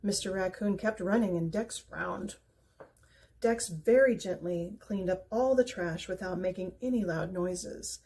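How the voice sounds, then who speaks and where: Woman, picture book reader, gentle and expressive, mellow soft voice, faint background hiss. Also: lowish voice, a little slow. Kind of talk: reading a children's book aloud.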